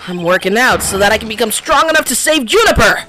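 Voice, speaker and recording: Woman playing a boastful young college guy, shouting every line, pitch jumping all over, game reading. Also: lively intonation, very fast, faint music behind. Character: loud young male student, earnest, shouty.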